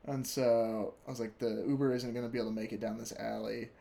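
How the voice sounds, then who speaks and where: Young man, casual storytelling, animated, swears a lot, laughs often. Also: medium pitch, quick pace, creaky. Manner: animated, laughing, profane, acts out quotes.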